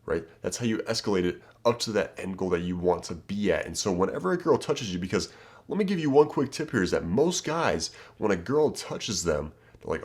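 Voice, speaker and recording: A man's voice: low-pitched, lively intonation, a little fast, a little mellow. A man coaching viewers on dating in a casual, emphatic way, often checking in with "okay?" and "right?". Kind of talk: direct-to-camera advice talk.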